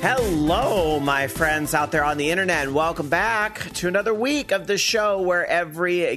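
Chatty relaxed male podcast host. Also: high-pitched, moderate pace, hardly any pauses, soft background music. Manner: relaxed, rambling, chatty with fillers. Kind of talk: casual chat on a gaming radio show.

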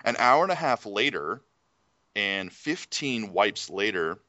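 A man's voice: on the low side, big pitch swings, slow, pushed and bright, no room sound. A man co-hosting a casual gaming chat, telling stories and ranting with a lot of swearing. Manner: profane, ranting storyteller. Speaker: podcast co-host. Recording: dry, slightly dull lo-fi audio.

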